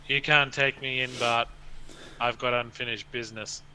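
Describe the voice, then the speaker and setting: A man's voice: medium pitch, steady tone, normal speed, bright, forceful tone, slight background noise, low-quality recording. A man playing a brash Australian hare archer. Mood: defiant.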